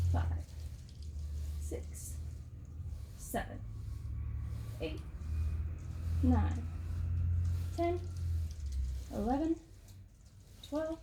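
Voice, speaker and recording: A woman with a somewhat high voice leads an at-home workout, counting reps aloud and explaining each move as she does it herself. She sounds slightly out of breath from exercising along. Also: darkish tone, slight background noise. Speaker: fitness instructor. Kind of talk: follow-along workout instruction.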